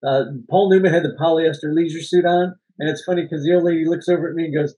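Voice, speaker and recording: A man's voice: a little high, fairly even intonation, quick pace, dark tone, rough recording. A man co-hosting a casual movie podcast, telling rambling behind-the-scenes stories, laughing often and swearing now and then. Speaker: podcast co-host. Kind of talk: casual movie-discussion chat.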